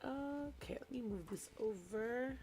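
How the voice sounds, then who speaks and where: A young woman who teaches small children, chatting casually and telling an animated story while she does a craft on a live stream. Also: a little high, a little slow. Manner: animated storytelling, mimics voices, chatty asides. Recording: soft background music.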